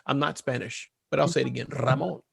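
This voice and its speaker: A man being interviewed as a guest entrepreneur, talking fast and animated and joking as he goes. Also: mid-range voice, vocal fry, husky. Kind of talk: casual interview talk.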